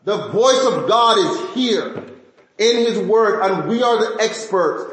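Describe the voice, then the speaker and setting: A man preaching a sermon as pastor, emphatic and animated, often restarting phrases. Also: high voice, reverberant, poor audio.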